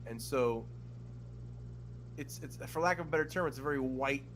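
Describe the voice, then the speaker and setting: A man's voice: medium pitch, normal speed, a bit bright, slight background noise. A man co-hosting a podcast, chatting loosely, swearing freely and acting out the people in his stories. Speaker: podcast co-host. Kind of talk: casual chat.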